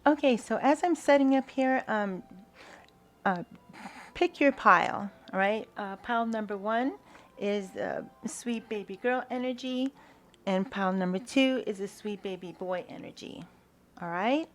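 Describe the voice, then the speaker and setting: A woman giving a spiritual tarot reading, soft-spoken and hesitant, with many fillers and pauses. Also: medium pitch. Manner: invocation-like gratitude prayer. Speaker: tarot reader.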